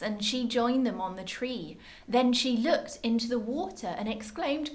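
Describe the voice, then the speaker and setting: A woman reading a children's picture book aloud at a library story time, with lively expression. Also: fairly high pitch, unhurried, hardly any pauses.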